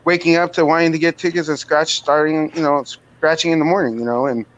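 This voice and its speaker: A man, a channel moderator, thanking people at a memorial stream in a halting, sincere way. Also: on the high side, fairly even intonation. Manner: halting, sincere, many fillers. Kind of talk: casual memorial remarks on a live stream. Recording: dull lo-fi stream audio.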